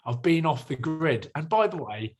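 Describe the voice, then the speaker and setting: A man's voice: fairly high pitch, very animated, normal speed, breathy edge. A young man co-hosting a rugby podcast, chatting casually, laughing often and swearing freely. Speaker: podcast co-host, rugby player. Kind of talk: casual chat.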